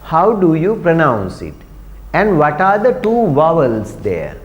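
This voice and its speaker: A man's voice: fairly high pitch, wildly swooping pitch, takes it slowly. A man teaching pronunciation to a class, patiently repeating words and asking questions. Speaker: English teacher. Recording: long echoey room reverb.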